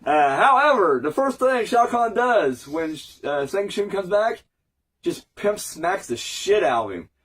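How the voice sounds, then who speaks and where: A man's voice: high-pitched, sing-song, unhurried, a bit bright, recorded from a distance. A man with a cold giving a casual, rambling, sweary recap review of an episode, full of fillers. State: fighting a cold.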